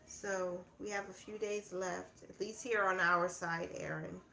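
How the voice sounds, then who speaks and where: A woman's voice: lowish voice, fairly even intonation, a little slow, gravelly, pushed and bright. A woman hosting a laid-back live chat, talking casually with viewers and laughing often. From southern United States. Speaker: livestream host. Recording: echoey room, faint background noise.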